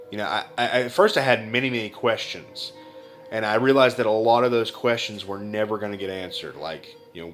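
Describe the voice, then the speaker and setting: A young man telling a personal story in a blunt vlog style, swearing a lot and getting emotional as he retells it. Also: fairly low pitch. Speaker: vlogger.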